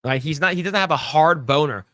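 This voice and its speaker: A man's voice: a little high, fairly quick, fairly bright tone, dry recording, studio quality. A man co-hosting a podcast, chatting casually and reading news aloud with blunt, crude jokes. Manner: blunt, joking, crude asides. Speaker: podcast co-host.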